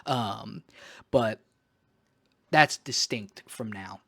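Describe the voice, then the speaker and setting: A man's voice: lowish voice, very slow, vocal fry, a bit bright. Candid, rambling male vlogger. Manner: candid, rambling and emphatic, with casual swearing. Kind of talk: casual personal vlog.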